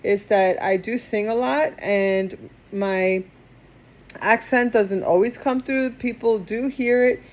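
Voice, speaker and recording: Speaking slowly in a mid-range voice, a woman with a Queens, New York twang walks through a tarot reading to camera. She's chatty and digressive, wandering into asides before coming back to the cards.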